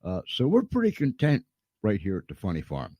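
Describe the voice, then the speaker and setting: A man's voice: fairly low pitch, huge pitch swings, fairly quick, mellow, no echo, muffled recording. A man hosting a live stream in a folksy, chatty way, fighting a cold. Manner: folksy and chatty, playful showman. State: has a cold. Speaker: host. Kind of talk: casual live-stream interview.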